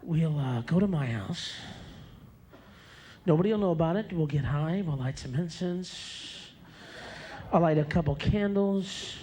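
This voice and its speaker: A sultry, seductive woman murmurs a low, hushed proposition, slow and purring, as a male comic puts her on. Background noise from the live show sits under the voice. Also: expressive.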